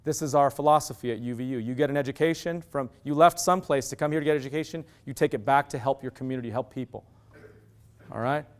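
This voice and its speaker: A middle-aged man giving an animated storytelling lecture, acting out quoted dialogue. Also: medium pitch, fast. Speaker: university lecturer.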